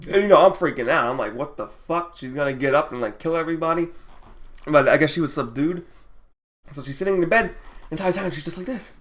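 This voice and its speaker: A male vlogger with a slightly raised pitch, spinning a loose, rambling story. He talks casually and swears freely, breaking into laughter often. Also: fast.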